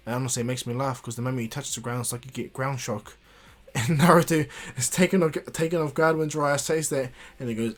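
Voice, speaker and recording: A man's voice: mid-range voice, fairly even intonation, brisk. Man rambling through a fan story. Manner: rambling, with fillers and restarts. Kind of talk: casual improvised story narration.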